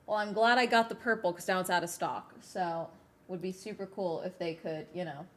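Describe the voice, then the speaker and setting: A woman's voice: on the low side, steady tone, brisk. A woman streamer in casual chat, ranting with exasperation and swearing, while she is sick.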